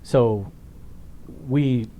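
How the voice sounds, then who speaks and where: Middle-aged guy hosting a podcast, mellow low-key tone, swears a lot, faint hiss behind. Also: very slow. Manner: blunt, profane, animated storyteller. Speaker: podcast host, former police officer. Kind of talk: casual storytelling interview.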